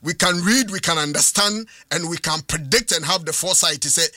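High, bright Ghanaian sports radio man. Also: a little fast, dry recording, studio quality. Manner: emphatic, argumentative opinion delivery. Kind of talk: radio sports talk in mixed Twi and English.

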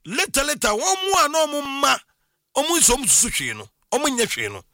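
A middle-aged man from Ghana telling his own life story in a casual, animated monologue with frequent exclamations. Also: very high-pitched, a little fast, no echo, clean studio sound. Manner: animated, exclaiming, laughs often.

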